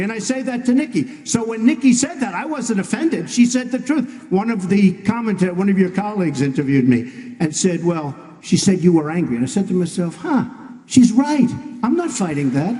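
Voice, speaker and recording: A blunt, plain-spoken man answering a debate question and repeating his points. His voice is mellow and a bit raised in pitch. It rings out in a roomy hall with a long tail of reverb. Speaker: presidential candidate.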